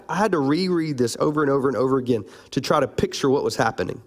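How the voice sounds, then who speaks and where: A man preaching a sermon, animated and playful, calling out to his congregation. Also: medium pitch, fast talker, few pauses. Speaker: pastor.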